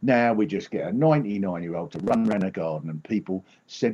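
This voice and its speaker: A man's voice: lowish voice, animated, fairly quick, few pauses, a little mellow, muffled recording. A man riffing through a sardonic comic monologue on a video call. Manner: sardonic, riffing, mock-serious. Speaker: comedian guest.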